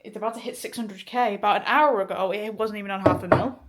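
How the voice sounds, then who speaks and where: A woman's voice: medium pitch, steady tone, quick pace, very noisy. A young woman chatting casually to camera in a vlog, swearing offhandedly and laughing often. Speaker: vlogger and musician.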